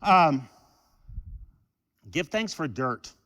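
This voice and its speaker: High-voiced, animated joking pastor. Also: male voice, extremely slow, big-room sound. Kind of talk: sermon. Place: church.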